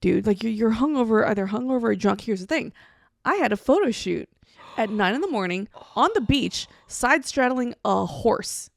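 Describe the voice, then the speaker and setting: A woman with a slightly high voice, co-hosting a casual podcast. She is blunt and swears a lot while telling stories, and she acts out the lines she quotes. She is recorded close and dry. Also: lively intonation, normal speed, creaky, no room sound. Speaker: co-host. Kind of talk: casual storytelling chat.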